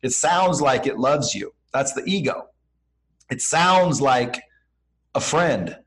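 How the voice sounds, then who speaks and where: A man's voice: mid-range voice, animated, slow pace, rough recording. A man as a podcast guest giving blunt, slangy motivational advice and acting out bits of dialogue as he talks. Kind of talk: motivational advice in casual conversation.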